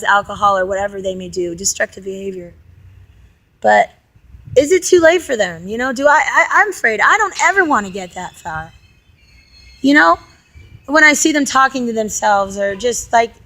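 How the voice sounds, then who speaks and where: Young woman vlogging, high voice, exasperated and animated, talking right at her viewers. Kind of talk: casual vlog monologue.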